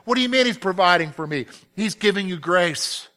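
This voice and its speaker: A man's voice: high voice, lively intonation, fairly quick, hardly any pauses, pushed and bright. A male preacher delivering a sermon in an emphatic way, often asking his listeners direct questions.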